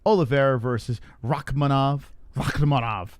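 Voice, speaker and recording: A man co-hosting a casual podcast, animated and cursing freely as he runs through fight picks. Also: mid-range voice, moderate pace, dry recording, clean studio sound. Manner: animated, swears often, mocks critics. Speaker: co-host.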